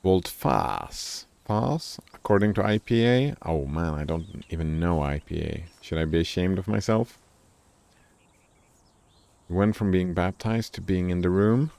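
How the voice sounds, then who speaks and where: A man's voice: sits low, normal speed, gravelly, a little mellow, no echo. A man streaming a video game, musing aloud, puzzling over words and joking at himself as he plays. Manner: musing aloud, looking up words, self-deprecating. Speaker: gameplay streamer. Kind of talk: casual commentary while playing a game.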